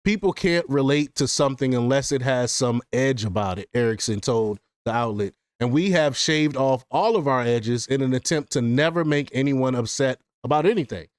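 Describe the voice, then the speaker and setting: A male commentary host reads news quotes and adds his own laughing remarks. His voice sits at a medium pitch, and the recording is dry with no room echo. He stumbles and repeats words now and then. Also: expressive, moderate pace, hardly any pauses, smooth.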